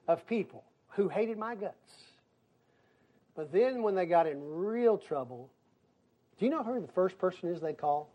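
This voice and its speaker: An older man preaching a sermon as pastor, emphatic, dropping into quiet asides and rising to loud bursts. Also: sits high, lively intonation, unhurried, long pauses, muffled recording. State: crying.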